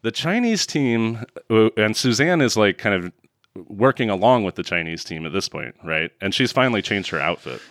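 An animated man co-hosting a casual podcast, recapping a movie with laughter and playful quoted lines. His pitch swings widely as he talks. The sound is dry and close, with no room echo. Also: moderate pace. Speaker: podcast co-host.

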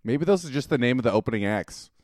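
A man with a mid-pitched voice that swings widely up and down throws in sarcastic quips and questions. The recording is close and dry. He talks in a casual comedic chat. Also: expressive, fast, a little mellow, no room sound. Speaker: podcast co-host.

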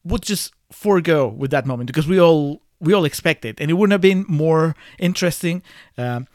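Podcast co-host, mid-pitched man, chuckling and hesitant critic, dry close mic. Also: expressive, normal speed, darkish tone, dry recording. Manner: chuckling, hesitant with uhs, posing hypotheticals. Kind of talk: casual movie review chat.

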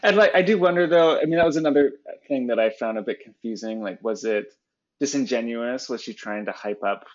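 A man's voice: mid-range voice, fairly quick, muffled recording. A man co-hosting a podcast, chatting casually with teasing, dry humor and frequent laughter. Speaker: podcast co-host. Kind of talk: casual chat.

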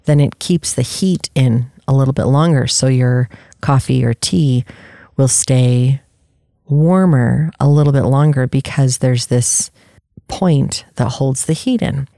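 A candid, reflective podcast host who talks through personal stories and often restarts sentences while feeling for the right words. The voice is mellow and smooth. The recording is dry, with no room sound. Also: mid-range voice, unhurried, no echo. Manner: candid, searching, with frequent restarts.

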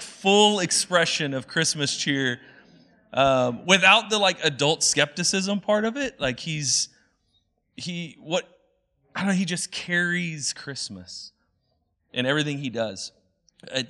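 A man's voice: on the high side, sharp tone. A man in his thirties preaching a casual, conversational sermon, chatty with many fillers and playful asides. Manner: chatty, many fillers, quoting movie lines in playful voices. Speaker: pastor.

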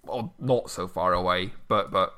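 A man co-hosting a casual chat, hesitant with many fillers and repeats, breaking into animated bursts. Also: sits low, unhurried.

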